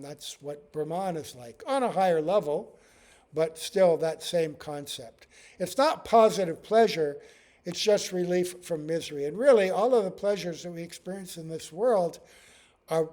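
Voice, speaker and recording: A man's voice: on the high side, a little mellow. A man teaching a scripture class, telling stories with acted-out quotes and often asking "right?". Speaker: spiritual teacher.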